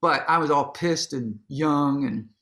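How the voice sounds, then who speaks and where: A man with a somewhat high voice tells a story at a live onstage talk. He is casual and swears freely. He acts out quotes with sudden leaps in pitch and often restarts his sentences. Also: a little slow, pushed and bright, slight background noise. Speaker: guest, musician and author.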